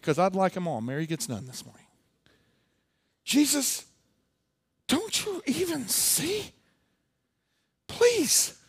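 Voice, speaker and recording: A man's voice: no echo, clean studio sound, natural voice. A man playing a furious, fed-up hostess. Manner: shrill, pleading and loud. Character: angry, exasperated woman hosting guests.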